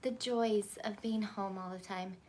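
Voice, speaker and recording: A woman's voice: medium pitch, fairly even intonation, unhurried, a little mellow. A woman in her thirties hosting a live baking stream from a small home kitchen on her phone, chatty, greeting viewers by name and stopping to tell her kids what to do. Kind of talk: casual live-stream chat.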